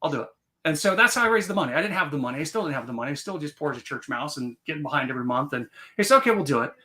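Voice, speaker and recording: A man's voice: fairly high pitch, expressive, very fast, bright, forceful tone. A man telling his story as a podcast guest in a casual, rambling way, full of fillers and restarts. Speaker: podcast guest, real estate investor.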